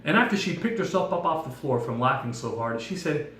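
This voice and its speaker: A man giving a playful devotional talk with props, telling a story in a jokey, animated way. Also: a little high, fairly quick, a little hiss or hum. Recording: echoey room, mic at a distance.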